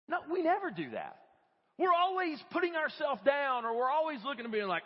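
A man preaching a lively, conversational sermon in a church and acting out what people say. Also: very high voice, normal speed, slightly rough. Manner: animated, conversational, acts out quoted voices. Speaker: guest preacher. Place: church sanctuary. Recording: dull lo-fi audio with long church reverb.

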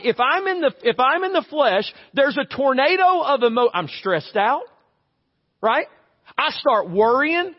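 High-voiced pastor preaching in a hall. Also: male voice. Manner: conversational, humorous, acts out little scenes. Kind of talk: sermon. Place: church sanctuary. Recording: reverberant church hall, slightly dull audio.

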